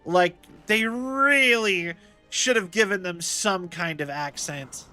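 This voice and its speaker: A man's voice: sits high, slow pace, pushed and bright, clean tone, soft background music. A man streaming a game, chatting casually and rambling as he thinks aloud. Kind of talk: casual live gameplay commentary.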